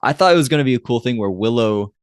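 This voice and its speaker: A man co-hosting a podcast races through his words in an expressive, mid-range voice, recorded cleanly in a studio with no room sound. His casual chat rambles, with frequent restarts and filler words.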